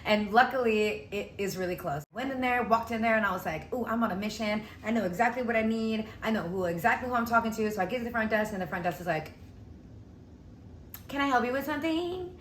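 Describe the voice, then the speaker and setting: A young woman tells a story straight to the camera in a casual, animated way, slipping into the voices of the people she quotes. Her voice sits mid-range for a woman. The room is echoey, with a light hiss underneath. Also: mid-range voice, fast, few pauses. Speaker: vlogger. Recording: echoey room with faint noise.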